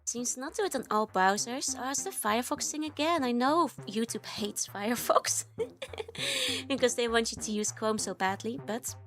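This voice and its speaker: A woman VTuber streamer, still recovering from a cold, greeting her live chat viewers in a bubbly, giggly way with many quick hellos. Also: a little high, a bit bright.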